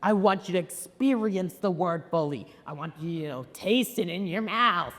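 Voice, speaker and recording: A woman's voice: lowish voice, animated, normal speed, lightly acted. A young woman acting in a school play as a strict, threatening schoolteacher who lectures and snaps orders theatrically. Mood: demanding. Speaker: drama club student actor. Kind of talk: high school stage play. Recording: echoey auditorium, from a distance.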